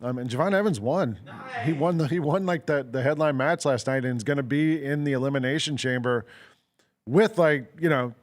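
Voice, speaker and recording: A man's voice: mid-range voice, a little fast. A man co-hosting a casual sports talk show, telling stories in a rambling way with lots of "like" and "um" fillers. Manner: amused storyteller. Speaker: sports radio co-host.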